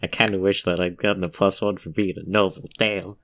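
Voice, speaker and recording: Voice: deep voice, little pitch movement, fairly quick, fairly bright tone, a little hiss or hum. A player casually chatting during a tabletop game, dry in manner.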